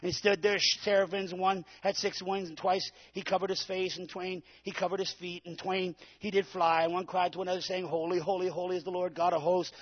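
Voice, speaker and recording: A man preaching a Pentecostal sermon, shouting at the peaks and calling out to the congregation for answers. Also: high-pitched, level tone, brisk, hardly any pauses, highs cut off. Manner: preaches with rising shouts and call-and-response. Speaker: pastor.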